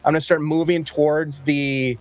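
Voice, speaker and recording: A man playing his character in a tabletop game, swearing and shouting his character's lines. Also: on the high side, little pitch movement, normal speed, faint music behind. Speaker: player.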